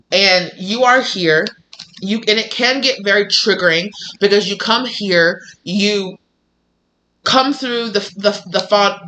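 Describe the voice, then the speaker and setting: Chatty and animated, a tarot-reading woman with a medium-pitched voice delivers an easygoing spiritual message peppered with "like" and "you know," on poor-quality audio.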